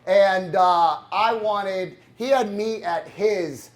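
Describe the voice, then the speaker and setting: A man's voice: sits high, slow. A man hosting a live event, introducing the next speaker in a loose, joking, profane way. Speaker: event host. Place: conference room with live audience.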